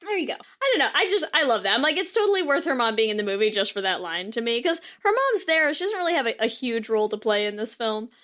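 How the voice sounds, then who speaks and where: A woman's voice: fairly high pitch, big pitch swings, quick pace, few pauses, a bit bright. A woman co-hosting a podcast, chatting enthusiastically and rambling a little about a film. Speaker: podcast co-host. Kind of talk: casual film discussion.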